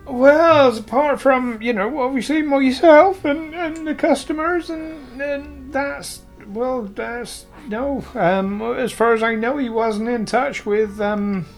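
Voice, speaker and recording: A woman's voice: sits high, slow, hardly any pauses, faint music behind. A woman voicing a grieving tavern woman who rambles and hesitates in an affectionate way. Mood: flustered. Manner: affectionate, calls people "my lovers".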